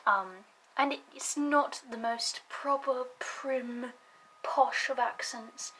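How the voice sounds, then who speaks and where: Young woman vlogger from the American South, higher voice, rambling and swearing freely with lots of fillers. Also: slow, sharp tone, rough recording. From Southern United States. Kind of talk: casual talk to camera.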